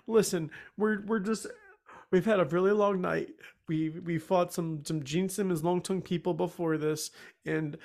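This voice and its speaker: Gravelly, high man hamming it up. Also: steady tone, normal speed, darkish tone. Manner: hammy, comic pleading. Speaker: player. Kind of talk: tabletop role-play.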